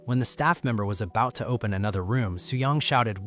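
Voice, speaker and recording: A man giving a scripted story recap narration in an even, steady delivery. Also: on the low side, brisk. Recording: narration over loud background music.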